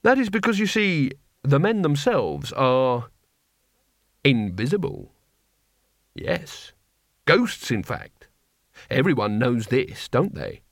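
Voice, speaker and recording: A man's voice: medium pitch, very animated, slow pace, long pauses, no echo, studio quality. Rincewind, a man doing a nervous wizard. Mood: hesitant. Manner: hesitant, working it out aloud. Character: nervous male wizard, cowardly but cunning.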